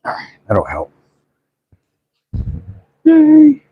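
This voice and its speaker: A man's voice: low voice, normal speed, lo-fi sound, a little hiss or hum. A man hosting a laid-back livestream, chatting and greeting viewers. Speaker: livestream host. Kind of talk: casual livestream chat.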